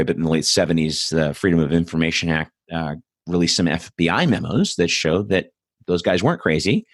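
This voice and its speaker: A man's voice: low voice, dry recording, studio quality. A man hosting a political commentary show, talking in a blunt, profane, rambling monologue full of asides. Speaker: host.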